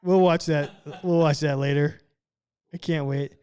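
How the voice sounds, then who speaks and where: A man hosting a podcast, playful, firing off quick questions and reading out comments. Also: fairly high pitch, fairly even intonation, a little mellow, clean tone. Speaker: podcast host. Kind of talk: casual chat.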